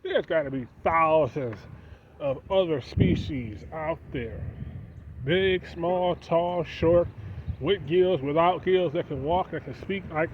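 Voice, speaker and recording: A man's voice: on the high side, takes it slowly. Preachy man with a lo-fi street sound. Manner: preachy, rhetorical questions. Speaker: vlogger. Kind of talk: casual monologue. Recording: dull lo-fi sound with faint street noise.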